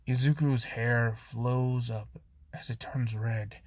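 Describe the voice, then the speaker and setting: A man's voice: medium pitch, steady tone, takes it slowly. A man improvising a fan story in a loose, rambling way, full of fillers and self-corrections.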